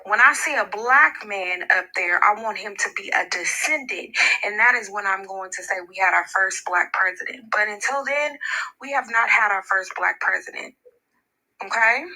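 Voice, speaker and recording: A woman's voice: mid-range voice, moderate pace, pushed and bright, low-quality recording. A woman hosting a casual discussion podcast, talking emphatically and punching her points with repeated tag questions. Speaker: podcast host.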